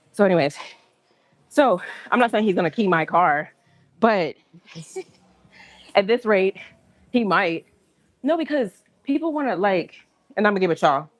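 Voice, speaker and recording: A woman telling a story on a livestream in an indignant, animated way, acting out what people said. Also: mid-range voice, no room sound. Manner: indignant, animated, acts out quotes. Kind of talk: casual storytelling rant.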